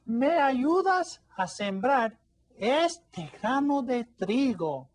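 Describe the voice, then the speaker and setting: A man's voice: very animated, slow pace, full character voice. A man voicing a small, earnest, hard-working little red hen in a read-aloud storybook. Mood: pleading. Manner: high pleading storybook voice.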